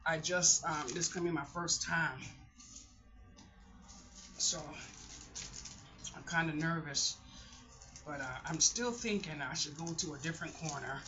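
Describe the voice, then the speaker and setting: In dull lo-fi audio, a middle-aged female vlogger talks with a low-sitting, sharp-toned voice. Her casual delivery is frank and meandering, and she keeps cutting herself off to begin sentences again.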